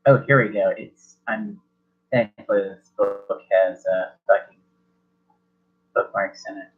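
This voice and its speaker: A man's voice: on the low side, fairly even intonation, takes it slowly. A man running a horror tabletop game as game master, rambling, self-correcting, swearing casually. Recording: dull lo-fi recording.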